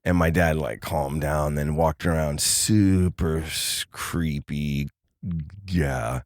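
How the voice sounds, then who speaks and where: A man with a very low, deep voice tells a long personal story in a relaxed chatty way. He acts out the people in his story, and his voice jumps up when he quotes them. The sound is dry and close, with no room echo. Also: slow pace. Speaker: podcast guest. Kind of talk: casual storytelling.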